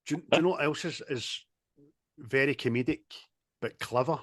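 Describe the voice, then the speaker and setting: A man's voice: mid-range voice, normal speed, no echo, clean studio sound. Sweary man chatting films. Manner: sweary, animated, laughs often. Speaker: podcast co-host. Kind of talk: casual film chat. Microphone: video call.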